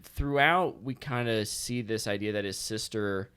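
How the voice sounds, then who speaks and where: A man's voice: lowish voice, measured pace, a bit bright, clear, resonant tone. A man guesting on a podcast, chatting casually in an earnest, rambling way and laughing easily. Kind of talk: casual chat.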